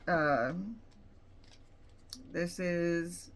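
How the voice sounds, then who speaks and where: A woman's voice: low-pitched, slow pace, slight background noise. A woman vlogger chatting casually through an unboxing at home, rambling and frank with her opinions.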